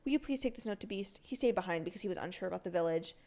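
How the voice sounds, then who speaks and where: A woman's voice: medium pitch, lively intonation, rapid-fire, mellow, close to an everyday voice. A young woman reading aloud the lines of a kind young game princess in her own everyday voice. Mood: warm reading.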